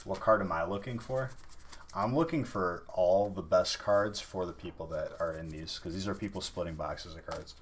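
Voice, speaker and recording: Man, very low voice, chatty streamer, thanking viewers, faint hiss behind. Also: normal speed. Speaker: streamer opening card packs. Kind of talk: casual live-stream chat.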